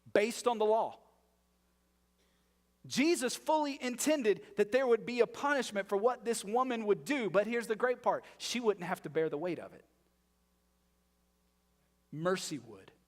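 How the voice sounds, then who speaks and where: Man, pastor, sermon, high voice, emphatic, rhetorical questions, long hall reverb. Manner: emphatic, rhetorical questions, shifts from loud to hushed.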